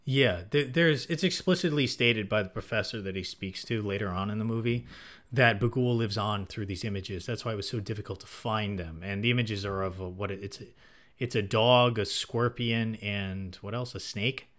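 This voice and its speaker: A man's voice: on the low side, normal speed, a bit bright. A man co-hosting a casual film discussion, eager and often restarting his sentences. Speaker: podcast co-host.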